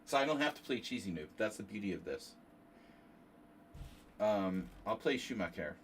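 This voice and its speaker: This man's nasal voice is lowish, very animated, and moderately paced, picked up by a distant mic with a little hiss or hum. Hosting a tournament on his casual chess livestream, he rambles and jokes with chat between moves, often poking fun at himself while he plays.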